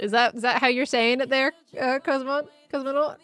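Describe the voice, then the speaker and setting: A woman's voice: high voice, fairly even intonation, a little fast, fairly bright tone, clear, resonant tone, dry recording. A young woman chatting casually while streaming a game, musing aloud and laughing often. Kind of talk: casual live-stream chat while gaming.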